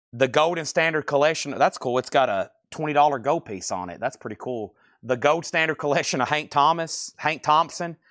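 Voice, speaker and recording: A man's voice: a little high, a bit bright, dry recording, studio quality. A man hosting a live record sale, chatting casually and thinking aloud as he sorts and prices albums. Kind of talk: casual live sales patter.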